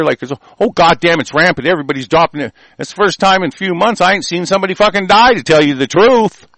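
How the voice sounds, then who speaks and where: A radio host rants with raw anger, swearing constantly and raising his voice into heated outbursts. His voice sits a bit high for a man. The sound is dry and close, with no room around it. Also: no echo. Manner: angry, cursing, loud and heated. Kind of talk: profane talk-radio rant.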